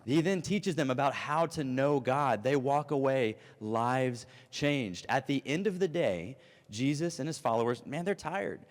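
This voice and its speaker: A man in his thirties preaching an animated, storytelling youth sermon. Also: mid-range voice, measured pace. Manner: animated storytelling, acts out voices. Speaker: youth pastor. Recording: long reverb of a hall.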